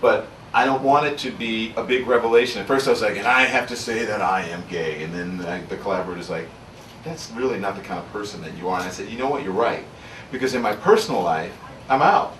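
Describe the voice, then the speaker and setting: A man's voice: on the low side, fast, a little hiss or hum. A man from Louisiana, an author speaking candidly to an audience at a book signing, telling his story in an earnest, reflective way. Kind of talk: candid personal talk to an audience. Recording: roomy sound from far off, faint ambience.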